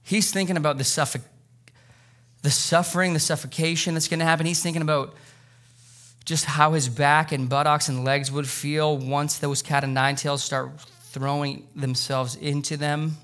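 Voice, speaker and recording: A man's voice: fairly high pitch, little pitch movement, normal speed. Earnest man preaching a sermon. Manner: earnest, conversational preaching with sudden loud emotional peaks. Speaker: pastor. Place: church sanctuary.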